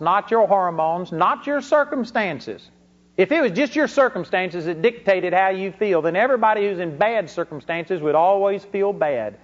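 Male preacher with a high voice, folksy sermon delivery, punchy emphasis. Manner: folksy storytelling with bursts of emphasis. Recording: dull lo-fi recording.

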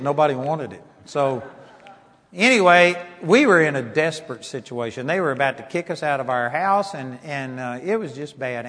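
A man preaching a sermon with passion, building to shouts and mocking timid prayers in a whiny voice. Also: medium pitch. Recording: long hall reverb.

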